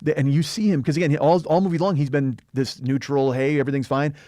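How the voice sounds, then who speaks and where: A man co-hosting a casual film podcast, fast and animated, acting out lines and swearing freely. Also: on the high side, no echo, clean studio sound. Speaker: podcast host. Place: podcast studio. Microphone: studio mic.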